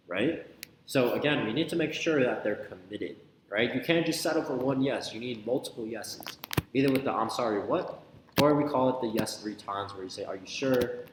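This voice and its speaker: A young man coaches sales in a casual, energetic way, acting out both caller and prospect as he goes. His voice sits at an ordinary pitch and rings through a bare room with a long reverb tail. A faint room hum sits behind him. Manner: energetic, repetitive, acts out both sides of the call. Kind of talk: casual instructional talk.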